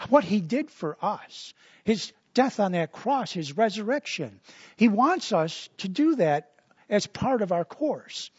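A man's voice: sits high, darkish tone, slightly rough, dry recording, muffled recording. A man preaching a sermon as a pastor, in a conversational style full of repetitions and asides.

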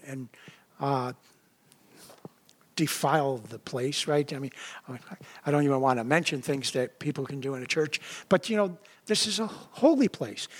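In a conversational sermon, a pastor with a somewhat high voice frequently checks in with "right?" and "you know." He acts out quoted voices, his pitch rising suddenly.

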